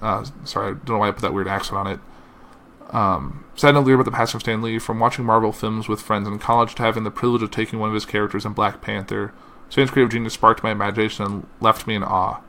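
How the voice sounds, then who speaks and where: A man hosting a podcast reads aloud a tribute and quoted messages, slowly and with slips and "uh"s. His pitch is fairly low, his tone bright and forceful, and there's slight background noise.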